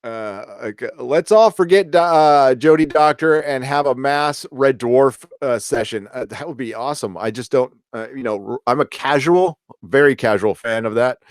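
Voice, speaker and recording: A man's voice: medium pitch, moderate pace, hardly any pauses, dry recording, studio quality. A middle-aged man hosting a casual live stream, reading chat aloud in a rambling way full of fillers and restarts. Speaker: livestream host reading chat.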